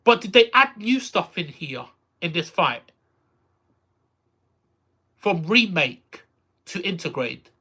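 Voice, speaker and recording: Excitable streamer with a lively, bright voice. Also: medium pitch, slow pace, pauses often, husky. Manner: excitable, repeats phrases and exclaims. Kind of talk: casual live-stream reaction to a game.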